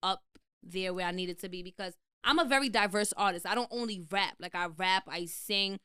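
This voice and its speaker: A young woman from the West Indies, a musician guest, talks in a loose, slangy way and tells stories with plenty of animation. Her voice is bright and smooth, and it sits close to a dry, close mic. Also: mid-range voice, brisk, no room sound. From West Indian. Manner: casual slangy, animated storytelling. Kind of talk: casual interview.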